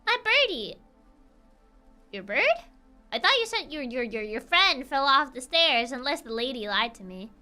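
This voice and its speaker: High, lively young woman game streamer. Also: moderate pace, faint music behind. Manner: giggly, teasing, stumbles over words. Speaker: gaming streamer. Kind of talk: playful gaming stream commentary.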